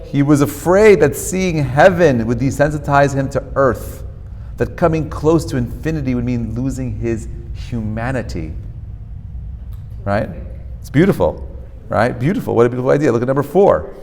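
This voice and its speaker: Male rabbi, mid pitch, animated teaching style that keeps asking "right?", long hall echo. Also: normal speed, a little hiss or hum. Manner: animated, often checks in with "right?"; mixes Hebrew terms into English. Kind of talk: lecture to a live class. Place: lecture hall with a live audience.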